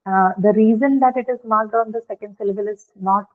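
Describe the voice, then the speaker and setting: Casting: female teacher, patient step-by-step explainer, mid pitch, tinny phone-line audio. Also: steady tone, a little fast. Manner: patient, explains step by step, keeps checking with "right?". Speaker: English pronunciation teacher. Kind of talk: online classroom lecture.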